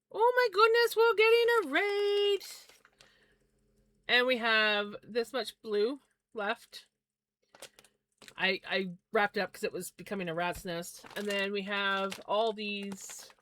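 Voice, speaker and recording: A woman's voice: medium pitch, a bit bright, a little hiss or hum. A woman chatting casually on a livestream while spinning yarn, easygoing and a bit scattered as she talks to her viewers.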